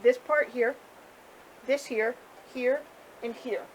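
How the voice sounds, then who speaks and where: A woman's voice: a little high, takes it slowly, a little hiss or hum, low-quality recording. A middle-aged woman chatting candidly to viewers about her crochet project in a casual home video. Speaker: crochet vlogger. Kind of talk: casual chat.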